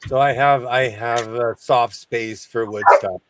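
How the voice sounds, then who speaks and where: A man hosting a casual sewing chat, animated, breaking into song, who mentions a speech impediment. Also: medium pitch, a little slow, slight background noise. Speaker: host.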